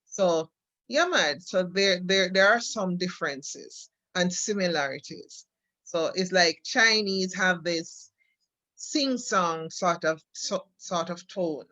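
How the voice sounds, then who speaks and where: A woman's voice: lowish voice, takes it slowly, pushed and bright, no echo, highs cut off. A Jamaican woman co-hosting a casual chat, explaining things patiently with examples and often repeating her words. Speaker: co-host.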